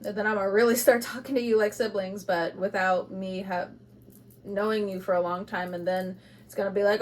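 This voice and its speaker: A woman giving an intuitive tarot reading to camera, speaking bluntly and with passion, moving between loud urging and quiet asides, with laughs between points. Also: mid-range voice, steady tone, brisk, slight background noise. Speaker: tarot reader.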